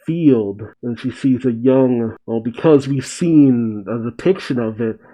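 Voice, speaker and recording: A man's voice: medium pitch, a little slow, warm tone, poor audio. A man hosting a manga reaction, reading the chapter aloud and musing in casual asides.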